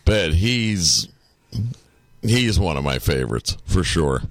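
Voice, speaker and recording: A man chatting casually as a podcast co-host. His voice sits very low and he takes his time, drawling through his points and swearing freely. The sound is dry and close. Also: sing-song, takes it slowly, no room sound. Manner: laid-back, swears freely. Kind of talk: casual chat.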